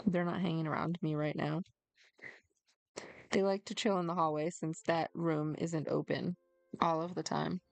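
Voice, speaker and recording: Low, gravelly-voiced woman chatting casually. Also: steady tone, normal speed, long pauses, no echo. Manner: chatty, giggly, reads and answers chat. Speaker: streamer chatting with viewers. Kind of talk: casual chat.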